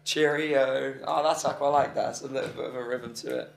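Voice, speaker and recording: A man's voice: medium pitch, fairly even intonation, brisk, vocal fry, a little hiss or hum. A young man co-hosting a comedy show, bantering and singing song lines to a ukulele. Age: young adult. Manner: playful, sings lines to a ukulele. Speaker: co-host. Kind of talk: comedic banter while songwriting.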